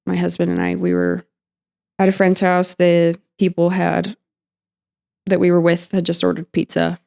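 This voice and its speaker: A young woman guest on a podcast, recounting her mother's hospital visit in a halting, emotional way, with many fillers and restarts. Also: on the low side, creaky, mellow. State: emotional, near tears at times. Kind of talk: emotional personal storytelling.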